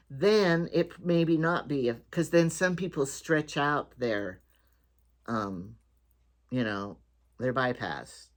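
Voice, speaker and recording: An older woman hosting her own home talk show, chatting in a rambling way and often restarting her sentences. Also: a bass voice. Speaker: vlogger host.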